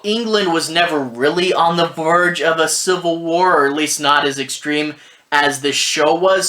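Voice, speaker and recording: A man's voice: fairly high pitch, sharp tone. A man giving a casual, rambling review of a TV series, with frequent "you know" and "like" fillers. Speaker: TV and film reviewer. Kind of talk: casual solo review talk.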